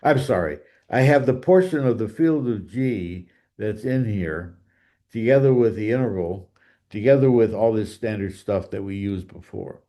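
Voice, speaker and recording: A man's voice: on the low side, moderate pace, warm tone. A man giving a math lecture, thinking aloud with fillers and restarts and drifting away from the mic now and then.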